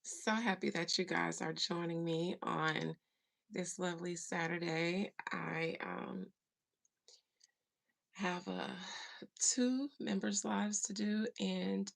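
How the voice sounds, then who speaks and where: A woman chats slowly and easily with her livestream viewers, her voice carrying a gravelly, fry-edged texture. She drawls through greetings and now and then slips into a breathy whisper. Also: lowish voice. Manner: slow, drawling, breaks into soft whispers. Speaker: livestream host and spiritual medium. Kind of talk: casual livestream chat.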